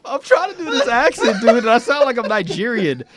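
A man's voice: extremely high pitch, sing-song, a little fast, fairly bright tone. A man in casual joking chat, self-deprecating and urging his partner to push on.

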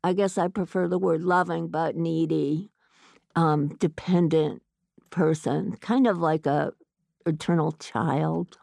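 A woman's voice: low voice, steady tone, slow, creaky, dark tone, no room sound. A woman author answering interview questions in a thoughtful, hesitant way with many fillers.

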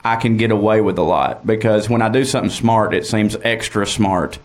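Man, sardonic chat, low voice. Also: brisk. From Georgia. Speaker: comedian guest. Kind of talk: casual chat.

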